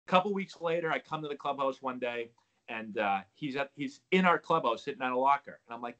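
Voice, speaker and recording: Speaking quickly at medium pitch, with the highs cut off, this man is an ex-pro ballplayer in his thirties. As a guest in a relaxed storytelling interview, he performs the dialogue of his anecdotes with lively energy.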